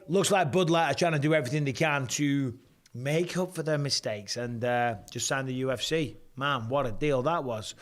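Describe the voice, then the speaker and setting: A man's voice: on the high side, a bit bright. Sweary English man hosting a live stream. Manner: blunt, sweary and jokey. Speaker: host. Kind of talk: live-stream reaction chat.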